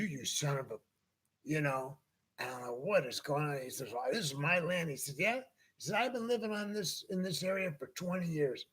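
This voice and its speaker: A man with a fairly high, bright, forceful voice that carries a husky grain. He is hosting a casual chat show and telling a rambling story, slipping into the voices of the people he quotes. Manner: animated anecdote-telling, acting out quoted people. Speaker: podcast host.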